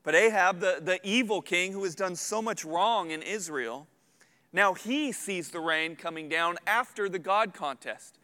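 A man in his thirties preaching a sermon as a pastor, earnest and building to loud emphatic peaks. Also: high voice, unhurried. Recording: long hall reverb.

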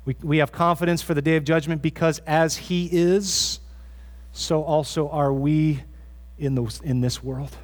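A man's voice: fairly high pitch, steady tone, unhurried. A man preaching a sermon as pastor in a church, earnest and conversational, often restarting his phrases.

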